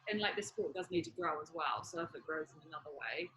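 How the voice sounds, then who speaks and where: A woman who is a guest on a podcast, telling stories in a chatty, animated way. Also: sits low, fast, a little hiss or hum, low-quality recording. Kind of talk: casual interview chat.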